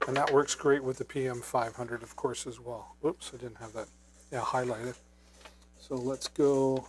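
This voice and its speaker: A man's voice: medium pitch, fairly even intonation, a little slow. Man, live shopping host, casual and chatty, filler-heavy, wireless mic. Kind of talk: live product demo. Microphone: wireless microphone.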